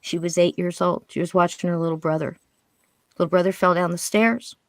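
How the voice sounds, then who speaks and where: A woman's voice: on the low side, brisk, dry recording. Storytelling woman, dry close sound. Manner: animated, quotes spirits and herself in hushed voice. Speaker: guest medium on a paranormal show. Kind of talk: storytelling interview.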